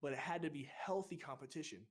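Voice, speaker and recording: A man telling a boot camp story on a casual podcast, profane and animated, getting loud when he acts out what he said. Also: fairly high pitch, quick pace, breathy edge. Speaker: podcast co-host.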